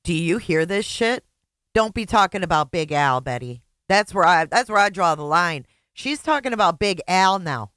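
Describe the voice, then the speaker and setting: A woman's voice: lowish voice, expressive, moderate pace, a bit bright, clean tone, dry recording, clean studio sound. A woman host reacting to a clip with blunt, angry commentary and heavy swearing.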